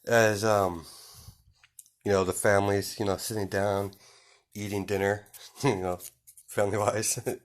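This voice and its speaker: A young man with a fairly low voice makes up a fan story as he goes. He wanders through it with constant fillers and little chuckles. The delivery is loose and unscripted. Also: little pitch movement, unhurried, long pauses. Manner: rambling, full of "you know" and "um", chuckling. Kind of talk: improvised fan fiction narration.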